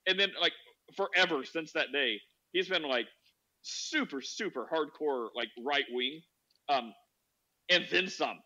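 Male podcast guest, high and sharp-toned, loose rambling storyteller, muffled lo-fi sound. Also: animated, a little slow. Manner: rambling, heavy use of "like" fillers. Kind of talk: casual anecdote telling. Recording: dull lo-fi audio.

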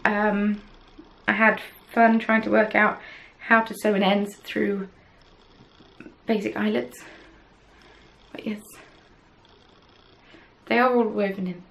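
A woman hosts her podcast in a loose, rambling chat, poking fun at herself as she goes. Her mid-pitched voice carries a gravelly fry. She sounds recorded at home on a camera. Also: flat delivery, takes it slowly, long pauses, poor audio. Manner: chatty, rambling, self-deprecating. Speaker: podcast host. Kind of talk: casual chat.

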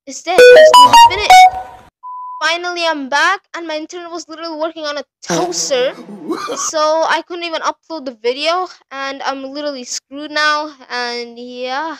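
A woman's voice: high voice, steady tone, normal speed, hardly any pauses, bright, forceful tone, faint music behind. A woman hosting a horror game playthrough, rambling, jumpy and swearing a lot. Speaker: gaming channel host.

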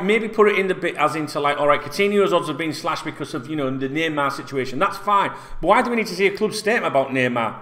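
A man's voice: on the high side, animated, fast, hardly any pauses, pushed and bright. A man hosting a football news channel, reading out stories and ranting with sarcastic, sweary asides. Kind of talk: casual ranting news read-through.

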